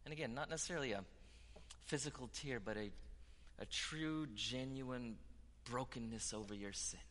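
A man preaching a sermon with passion, dropping to hushed tones and rising to loud declarations. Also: medium pitch, normal speed, in a large hall. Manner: impassioned, swinging from hushed to loud.

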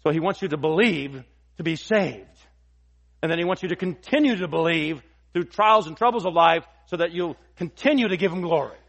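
A pastor preaching an expository sermon, emphatic and repeating key phrases for weight. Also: male voice, a little high, fairly quick, gravelly, fairly bright tone.

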